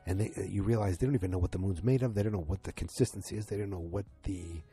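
Quick-paced and warm, this deep male voice belongs to someone running through a TV episode informally. He meanders with lots of fillers and restarts, voicing the characters' lines as he goes.

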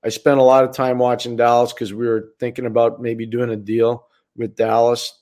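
Earnest male hockey analyst, mid-pitched. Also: flat delivery, moderate pace, a little mellow. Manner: earnest, repeats words, starts over mid-sentence. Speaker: podcast co-host and hockey analyst. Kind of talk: casual sports chat.

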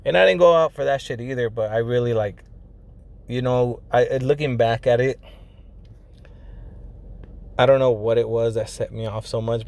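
Speaking in a mid-range voice with a darkish tone, a young man casually recounts something that happened to him. His telling is crude and slangy, packed with "like" and "you know," with bits of Spanish mixed into the English.

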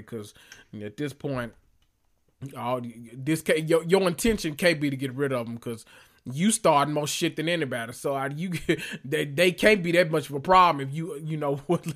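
A man hosting a solo reality TV recap podcast, talking in a sassy, profane way with drawn-out emphasis. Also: on the high side, pushed and bright. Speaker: podcast host.

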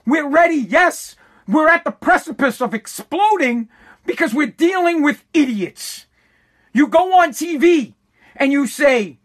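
A woman's voice: high voice, animated, measured pace. A fired-up woman ranting about politics, swearing freely and dripping with sarcasm. Her delivery is heated, and she stumbles over repeated words as her anger builds. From United States. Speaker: political commentator. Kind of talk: angry political rant.

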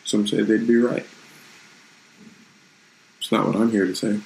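A man's voice: fairly low pitch, steady tone, unhurried, darkish tone, a little hiss or hum, low-quality recording. A man hosting his own channel, talking in a loose, rambling and reflective way in a casual live-streamed vlog from his room at home.

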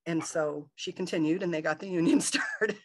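A woman from Michigan, a podcast guest, telling a personal story in a lively way and acting out her own thoughts. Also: lowish voice, moderate pace. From Michigan, USA. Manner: animated, acts out her own inner thoughts in quotes.

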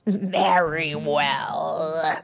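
A woman voicing a big, grumpy male troll who roars slow, drawn-out threats in a storybook reading. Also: sits low, fairly even intonation, creaky, faint music behind, heavily acted. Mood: roaring.

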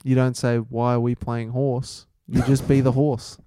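Oblivious male drama teacher, deadpan delivery, mid-pitched voice, as a man puts him on. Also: unhurried, smooth, dry recording, studio quality, natural voice.

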